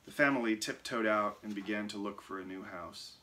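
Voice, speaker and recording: Guy reading a kids book out loud, lively, lowish but bright voice. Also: fairly quick. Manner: expressive, lively. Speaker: reader. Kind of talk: reading a picture book aloud.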